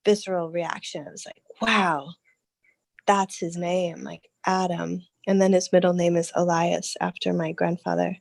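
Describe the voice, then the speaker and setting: A woman in her thirties in casual conversation, chatty and animated, laughing often and restarting her sentences. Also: lowish voice, measured pace, creaky, dry recording. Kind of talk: casual chat.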